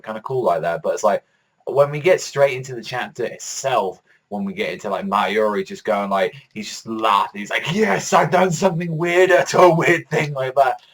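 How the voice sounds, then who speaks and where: Excitable, swearing male manga reviewer. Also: fairly low pitch. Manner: rambling, profane, heavy use of "like"; excitable fan enthusiasm. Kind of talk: casual chapter review.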